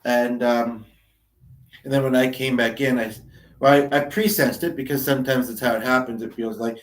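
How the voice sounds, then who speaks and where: A man's voice: medium pitch, fairly even intonation, moderate pace. A man talking through his thoughts in a casual, meandering, hesitant monologue. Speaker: vlogger, spiritual channeler. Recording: roomy, distant mic.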